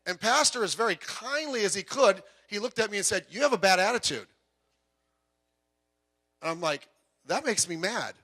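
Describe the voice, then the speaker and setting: A man delivers a sermon from the pulpit of a church, speaking through the sanctuary speakers. He talks conversationally, breaking off into asides and personal anecdotes. His voice sits high and sounds bright and forward. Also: lively intonation, brisk. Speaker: pastor. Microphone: PA microphone heard through speakers.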